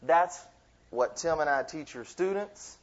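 A man giving a sermon as a youth minister, in lively, conversational preaching with asides. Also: a little high, unhurried. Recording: dull lo-fi sound.

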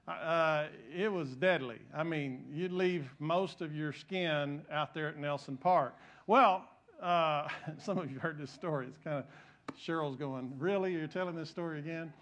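In church, a middle-aged pastor with a notably high voice preaches a sermon built around a folksy, rambling story. He keeps restarting his sentences and addresses the congregation directly. His pace is measured and his tone fairly bright.

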